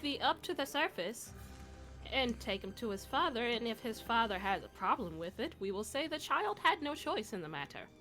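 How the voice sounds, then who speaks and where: A woman's voice: on the high side, sing-song, normal speed, pushed and bright, faint music behind. A woman playing a tabletop game, asking practical questions in character. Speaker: player. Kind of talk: in-character tabletop role-play.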